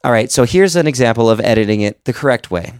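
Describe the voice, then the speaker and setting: A man's voice: mid-range voice, lively intonation, fast talker, clear, resonant tone, dry recording, clean studio sound. A man and podcast host giving casual, conversational advice on editing, explaining with examples. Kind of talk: casual instructional talk.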